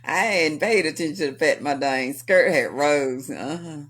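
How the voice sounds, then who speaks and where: A woman's voice: low voice, moderate pace, slightly rough. A woman hosting a vlog, telling personal stories to her viewers with frequent laughter. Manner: animated, laughs often, talks to viewers. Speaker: vlog host. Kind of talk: casual storytelling commentary.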